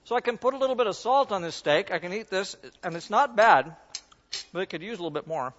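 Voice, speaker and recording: A man's voice: sits high, animated, fast, fairly bright tone. A man preaching a conversational sermon, acting out an object lesson as he talks. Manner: conversational, self-deprecating, demonstrates while talking. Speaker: pastor. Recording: dull sound in a reverberant hall.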